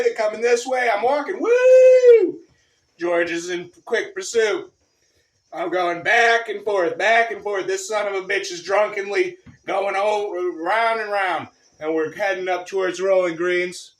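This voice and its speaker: A high-voiced man spins a profane, rambling story in a comedic monologue. His voice rings out in a roomy space with noticeable echo. He talks like a storyteller from the streets, loose and full of swearing. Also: fairly bright tone.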